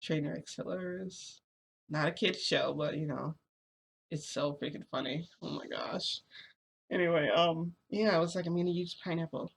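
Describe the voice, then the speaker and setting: A vlogger with a low, steady, creaky and slightly rough voice chats with her viewers in a rambling storytime. She talks at a normal speed, giggles often and fills her speech with fillers, and her voice cracks from screaming.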